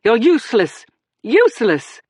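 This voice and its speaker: A woman's voice: huge pitch swings, a little slow, a little mellow, slightly rough, no room sound, exaggerated voice. Casting: woman narrator voicing a defensive celebrity husband under questioning, sputtering and tearful, dry close sound. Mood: angry. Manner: sputtering, pleading, raised pitch. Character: slick male celebrity suspect, defensive, tearful.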